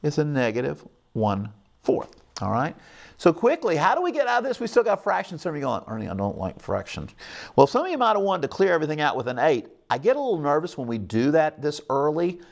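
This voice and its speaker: A man's voice: fairly high pitch, sing-song, fast talker, creaky. A middle-aged man hosting a televised math lesson, upbeat and coaxing, often checking in with his viewers. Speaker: math teacher hosting a call-in show.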